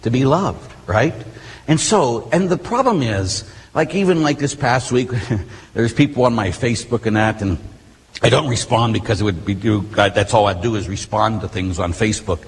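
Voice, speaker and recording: A middle-aged man, a Catholic priest, preaching a sermon with animated storytelling and casual asides. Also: on the low side, normal speed, a little hiss or hum. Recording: long hall reverb.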